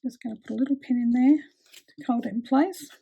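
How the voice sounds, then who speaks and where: A woman's voice: sits high, fast talker, gravelly, muffled recording, a little hiss or hum. A woman chatting casually with lots of fillers while she demonstrates a craft project with her hands. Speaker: craft tutorial host.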